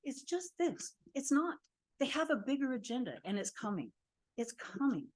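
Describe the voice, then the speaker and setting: A woman's voice: a little high, very animated, moderate pace. Indignant woman telling a story. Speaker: public commenter. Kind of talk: public comment at a council meeting.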